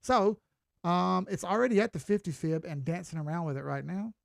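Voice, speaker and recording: In studio-quality audio with no room sound, a middle-aged Southern US man gives casual, folksy crypto chart commentary with some swearing. His voice is high with lively intonation and vocal fry, and he speaks briskly in a chatty way.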